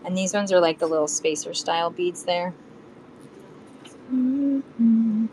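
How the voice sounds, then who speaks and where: Casual woman seller on a live stream, lowish voice, faint hiss behind, chatty and hums between items. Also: level tone, a little fast, low-quality recording. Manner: chatty, counts beads aloud, hums while working.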